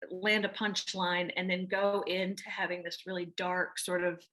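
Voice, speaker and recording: A woman's voice: lowish voice, little pitch movement, normal speed, a bit bright. A woman with a Southern American accent, an actress answering interview questions in a chatty way with many restarts and fillers. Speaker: actress guest.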